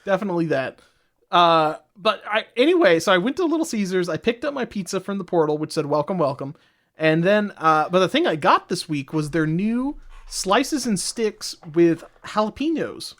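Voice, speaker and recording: A man co-hosting a comedy podcast, rambling through deadpan bits in casual chat. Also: high voice, normal speed. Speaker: podcast co-host.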